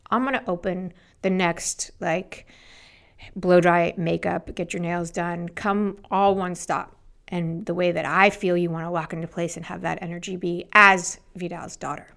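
Gravelly-voiced woman telling her story. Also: lowish voice, moderate pace. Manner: animated, acts out quoted voices. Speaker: guest. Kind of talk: storytelling interview.

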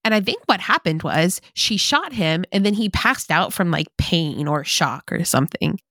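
A woman's voice: on the low side, normal speed, dry recording, clean studio sound. A woman co-hosting a podcast, chatting casually through a movie recap and acting out the characters' lines. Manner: animated, acts out characters' lines. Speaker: podcast co-host.

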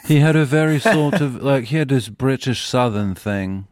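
A man's voice: medium pitch, lively intonation, moderate pace, no echo, clean studio sound. A man as a podcast guest in casual chat, thoughtful and searching for words with many fillers.

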